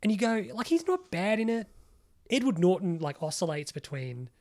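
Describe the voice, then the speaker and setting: Aussie guy rambling about movies on a podcast, kinda high voice, lots of "like". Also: moderate pace. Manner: rambling, animated, swears freely, lots of "like". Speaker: podcast co-host. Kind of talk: casual chat.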